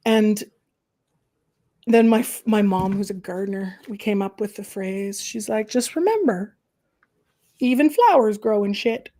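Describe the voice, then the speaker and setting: Speaking at a measured pace with long pauses, this middle-aged woman from the Canadian prairies hosts an informal conversation in a mid-range voice. Her manner is animated, and she acts out quoted voices.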